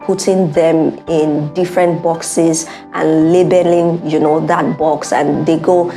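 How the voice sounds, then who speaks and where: A woman's voice: on the low side, unhurried, warm tone, soft background music. A young woman speaking in an earnest, heartfelt personal monologue, repeating her points for emphasis. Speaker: vlogger.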